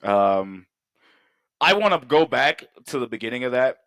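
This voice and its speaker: A man co-hosting a podcast, chatting casually about a movie, swearing freely and acting out scenes in quick put-on voices. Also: medium pitch, no echo. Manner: profane, animated, acts out scenes in quick voices. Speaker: podcast co-host. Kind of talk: casual movie review chat.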